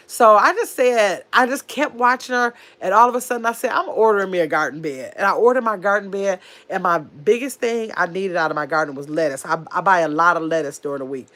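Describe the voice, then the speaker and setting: A woman chatting casually on her livestream, telling stories and reading viewer comments aloud. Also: medium pitch. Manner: chatty, animated storyteller, reads comments aloud. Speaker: livestream host.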